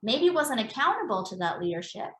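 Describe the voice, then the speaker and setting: A woman's voice: on the high side, big pitch swings, fairly quick, a bit bright, soft background music. Brief: woman guest, embodiment practitioner, earnest explanatory talk, echoey room sound. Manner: earnest, explanatory, repeats phrases for emphasis. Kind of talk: conversational podcast interview.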